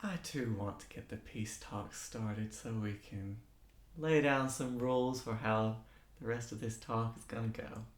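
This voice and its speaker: A man playing a formal, self-assured male saint who speaks in a measured way. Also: medium pitch, fairly even intonation, lightly acted. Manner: measured, formal, sometimes quiet. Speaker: player. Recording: echoey room.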